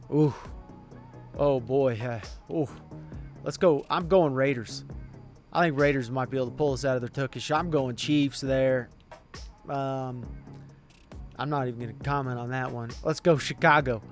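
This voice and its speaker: A man commenting on a football video game, swinging from quiet mumbling to excited yelling. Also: fairly high pitch. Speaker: gaming YouTuber.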